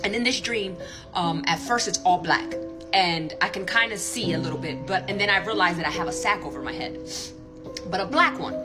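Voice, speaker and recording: A woman's voice: on the low side, fairly quick, over music. A woman telling an earnest, rambling story-time tale in casual chat, swearing freely. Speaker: social media storyteller.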